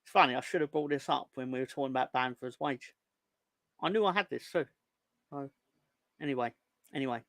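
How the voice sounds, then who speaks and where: Gravelly, bright-voiced man hosting a chat show. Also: medium pitch, fairly quick, long pauses, dry recording. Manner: jokey and rambling, stumbles and restarts, puts on silly voices for comments. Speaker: host of a football fan show. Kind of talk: casual livestream chat, reading viewer comments.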